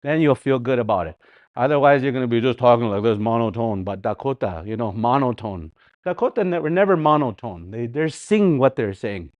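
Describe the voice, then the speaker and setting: A man teaching a live language class, animated, repeating words slowly for practice and sometimes singing phrases to show their tune. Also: mid-range voice, dry recording, lo-fi sound.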